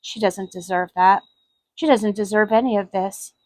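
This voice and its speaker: Woman softly reading her own sad story. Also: mid-range voice, steady tone, normal speed, no echo, rough recording. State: voice cracking with emotion.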